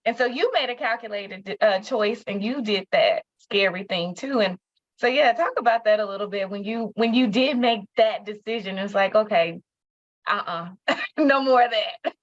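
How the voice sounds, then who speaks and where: A woman's voice: medium pitch, moderate pace, lo-fi sound. A woman podcast host asking a guest questions in a conversational, affirming way. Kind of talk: interview questions.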